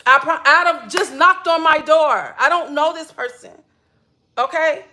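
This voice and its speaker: A spiritual wellness creator with a high, sharp voice talks unhurriedly, sharing personal stories with her viewers. Her chatty storytelling is full of laughter and repeated uses of "literally."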